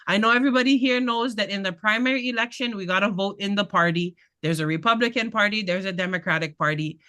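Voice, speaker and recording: A woman's voice: mid-range voice, pushed and bright. A woman candidate speaks bluntly and passionately to neighbors at a community meeting. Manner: passionate, blunt, laughing asides. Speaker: political candidate.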